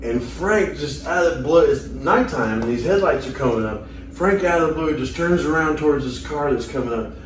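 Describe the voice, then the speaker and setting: Man telling lively stories in a roomy space. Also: a little high, normal speed, distant mic, slight background noise. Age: middle-aged. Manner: animated storyteller, acts out quotes. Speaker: host, musician. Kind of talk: casual reminiscing chat.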